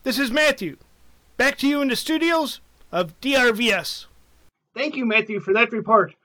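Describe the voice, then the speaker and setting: Man, very high voice, bright tone, mock newscaster reading scripture, dry close sound. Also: animated, normal speed, no echo.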